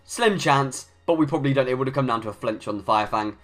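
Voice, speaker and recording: Young man, gameplay commentary, bright forceful voice, thinking aloud, frequent restarts. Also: mid-range voice, fast talker, soft background music. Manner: thinks aloud, restarts often, rants when annoyed. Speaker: gaming YouTuber.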